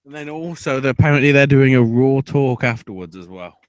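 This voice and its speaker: A man co-hosting a podcast in casual chat, swearing often and bursting into excited outbursts. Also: mid-range voice, normal speed, clear, resonant tone, dry recording. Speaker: podcast co-host.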